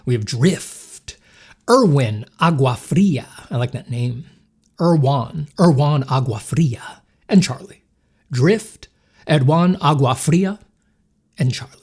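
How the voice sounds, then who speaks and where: Drawing live, he rambles and jokes at his own expense while thanking supporters and replying to chat. The pitch is fairly high and expressive, the delivery slow with long pauses, the tone darkish with a breathy edge.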